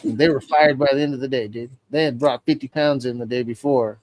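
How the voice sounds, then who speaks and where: A man's voice: mid-range voice, steady tone, fairly quick, darkish tone. A man hosting a stream, telling a long, rambling story in casual, profane chat and acting out the voices of the people in it. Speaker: stream host.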